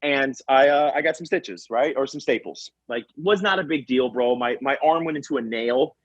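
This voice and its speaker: Slangy firefighter telling stories, husky. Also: male voice, medium pitch, moderate pace, dry recording. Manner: animated storyteller, acts out quotes, says bro and man a lot. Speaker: firefighter and comedy video creator, guest. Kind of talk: casual podcast storytelling. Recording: dull lo-fi sound.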